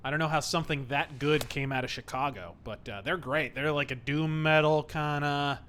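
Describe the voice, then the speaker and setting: A man streaming a baseball game, talking sarcastically and swearing, with sudden shouts. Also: a little high, moderate pace, a little hiss or hum. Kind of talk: profane live gameplay commentary.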